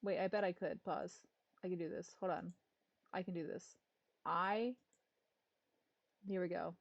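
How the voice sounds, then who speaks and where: A woman's voice: on the low side, fairly even intonation, measured pace, gravelly, highs cut off. A woman streamer chatting casually and rambling through a list, with exasperated little rants. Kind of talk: casual livestream chat.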